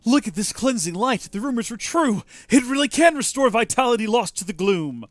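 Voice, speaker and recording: A man's voice: extremely high pitch, animated, brisk, no echo, clean studio sound, pitched above the performer's own voice. A man voicing a male enemy spy disguised as a friendly traveler in a video game, reading the lines aloud in a theatrical way. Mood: earnest.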